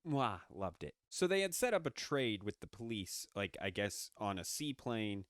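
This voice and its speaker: A young man giving casual movie commentary, excitable and sarcastic, swearing often. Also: lowish voice, normal speed, dry recording, studio quality. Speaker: movie reviewer.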